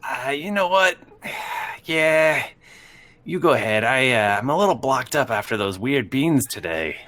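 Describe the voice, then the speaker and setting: A man's voice: medium pitch, expressive, measured pace, a bit bright, no room sound, voice pushed up. A man voicing a dim-witted male guard in a tabletop game, slack and drawling. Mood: sluggish.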